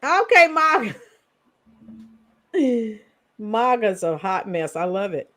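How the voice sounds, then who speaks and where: A woman's voice: mid-range voice, very animated, takes it slowly, sharp tone. A woman casually hosting a live stream, greeting viewers by nickname and reading out their comments. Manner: chatty, greets and reads out viewer comments, laughs often.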